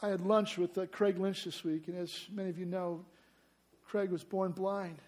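A man preaching a sermon in a high, bright-sounding register. He is emphatic, and he leans on rhetorical questions to the congregation. He acts out quoted cries with sudden loud bursts. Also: fairly even intonation, normal speed. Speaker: pastor.

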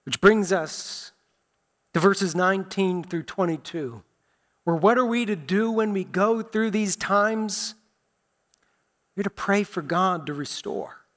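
A man preaching a sermon as pastor, earnest and deliberate, dropping to soft low phrases.

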